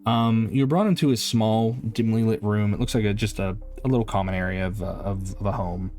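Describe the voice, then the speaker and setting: A man's voice: lowish voice, fairly quick, a little mellow, faint music behind. Hesitant man narrating as game master. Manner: hesitant, full of ums and restarts.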